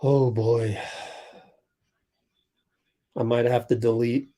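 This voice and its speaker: A young man hosting a casual sports livestream, thinking aloud and calling plays in quick bursts while chatting with viewers. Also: medium pitch, little pitch movement, warm tone. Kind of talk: casual live game commentary and chat.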